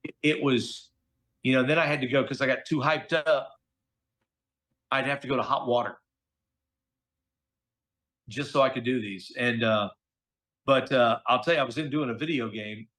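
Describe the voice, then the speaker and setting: A middle-aged man, a voice actor who is a guest in a casual interview, telling stories in an animated, slangy way. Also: medium pitch, normal speed, long pauses. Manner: animated, chatty storyteller, slangy with "dude" and "okay?".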